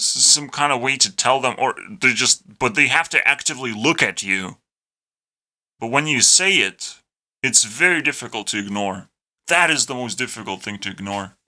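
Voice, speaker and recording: A man's voice: medium pitch, sharp tone. A young man from Lithuania with a Lithuanian accent, ranting to camera in a profane, sarcastic, self-deprecating way. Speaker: YouTuber. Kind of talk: rambling rant to camera.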